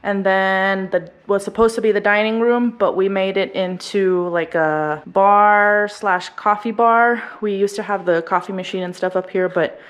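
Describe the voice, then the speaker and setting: A woman's voice: medium pitch, steady tone, unhurried, few pauses. A woman family vlogger giving a chatty, casual tour of her house and explaining each room. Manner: chatty, explaining as she walks.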